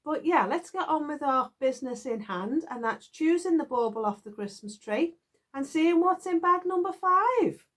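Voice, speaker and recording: Middle-aged UK woman, chatty craft vlogger, giggly and rambling, fairly high, very animated pitch. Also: normal speed. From United Kingdom. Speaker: knitting vlogger. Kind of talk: casual chat to viewers. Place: garden shed.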